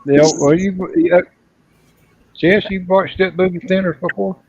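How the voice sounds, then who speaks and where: A man hosting a casual group call, speaking haltingly and repeating his words. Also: high-pitched, fairly even intonation, darkish tone, breathy edge, no room sound. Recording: dull dry lo-fi audio.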